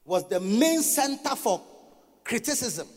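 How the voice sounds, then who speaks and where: A man preaching a sermon, swinging between loud emphatic bursts and quiet asides. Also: extremely high pitch, sing-song, a little slow, in a large hall. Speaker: pastor.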